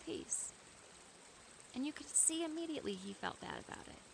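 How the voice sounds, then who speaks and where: A woman's voice: sits high, lively intonation, fast, vocal fry, a little hiss or hum. A woman talking freely and earnestly to a camera outdoors in nature, building at times to emphatic bursts. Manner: earnest, free-flowing, rising to emphatic bursts. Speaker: vlogger. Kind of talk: casual spoken reflection to camera.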